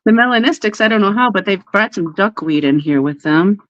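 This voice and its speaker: A woman hosting a casual live stream, bubbly and quick to laugh, who baby-talks to her pets while she chats. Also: mid-range voice, animated, fairly bright tone, no echo. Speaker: livestream host. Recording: dry, slightly dull livestream audio.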